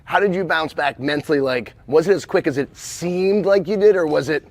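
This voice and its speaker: A man coaching and interviewing a softball player, encouraging and rambling, with many restarts in his questions. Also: on the high side, fairly quick, dry recording.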